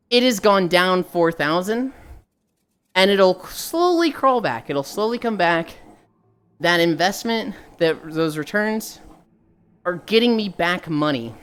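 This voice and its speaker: A young adult woman streamer ranting casually and profanely to her live chat. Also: lowish voice.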